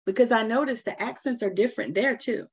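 A woman's voice: fairly high pitch, fast, breathy edge. A woman from Savannah with a Southern US accent, hosting a casual interview, chatty and affirming, laughing often. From Savannah, Georgia, US. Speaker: host.

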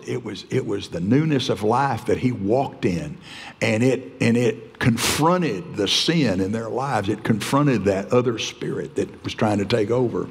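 A man's voice: lowish voice, expressive, a little slow. An older man preaching a sermon as pastor, telling folksy stories and chuckling often. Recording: church hall reverb.

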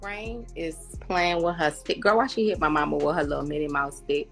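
A woman's voice: low voice, a little fast, faint music behind. A woman in her thirties with a New Orleans accent, chatting and teasing casually on a phone livestream. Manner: teasing, laughing, lively Southern slang. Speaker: mother on a live video chat.

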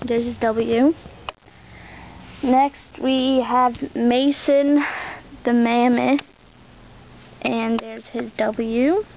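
Brief: young woman, slow, high-ish voice, rambling casual show-and-tell, muffled outdoor recording. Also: fairly even intonation, a little hiss or hum. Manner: rambling, chatty, lots of "like". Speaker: vlogger showing a toy collection.

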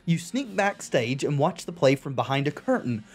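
A man's voice: fairly high pitch, big pitch swings, moderate pace, slightly rough, soft background music. A man hosting a video game playthrough, reading the game's text aloud and adding dry wisecracks. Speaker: let's play host. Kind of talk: game commentary.

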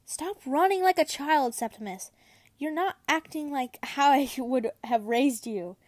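A woman's voice: fairly high pitch, takes it slowly, darkish tone, no room sound. A woman reading the lines of a stern, sneering wizard father who scolds his son, in a close, dry voice.

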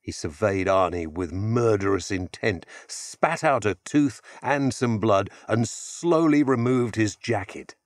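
Man narrating an audiobook, expressive and dry. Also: on the low side, no room sound. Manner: measured, expressive storytelling.

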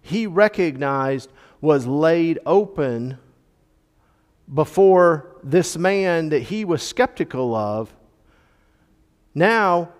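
A man teaching a church Bible class, explaining the text and stressing key words, with frequent fillers. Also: a little high. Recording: long reverb of a hall.

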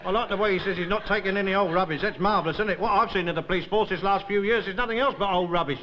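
Cocky scruffy tramp, gabbles fast and bright, old TV comedy. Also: male voice, high-pitched, poor audio. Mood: cheeky. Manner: cocky, rambling, calls everyone mate. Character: cheeky scruffy male tramp, argumentative. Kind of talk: 1960s TV sketch comedy.

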